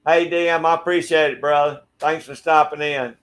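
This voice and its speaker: A middle-aged man from Georgia with a Southern accent, hosting a relaxed livestream and greeting viewers by name. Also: a little high, normal speed. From Georgia, USA. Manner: friendly, laid-back, greets viewers by name. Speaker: livestream host. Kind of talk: casual chat reading viewer comments. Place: backyard shed.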